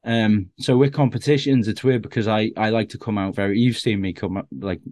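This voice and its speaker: A man's voice: lowish voice, fairly even intonation, fairly quick, darkish tone, no echo. A man, a stand-up comedian, chatting as a guest and telling self-deprecating stories with lots of restarts. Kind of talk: casual conversational anecdotes.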